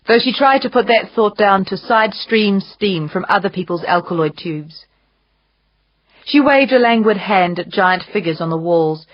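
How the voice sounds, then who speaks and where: A woman narrating an audiobook in a measured, even storytelling manner. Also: medium pitch, no room sound, muffled recording. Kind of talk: scripted narration.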